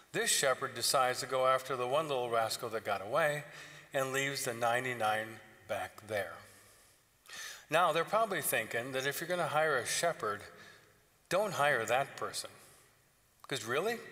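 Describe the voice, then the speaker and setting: A man delivering a sermon in a bright, forward voice, retelling old stories with casual jokes. The sound carries a long church reverb behind his words. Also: mid-range voice. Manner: joking, conversational storytelling. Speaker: pastor. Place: church sanctuary.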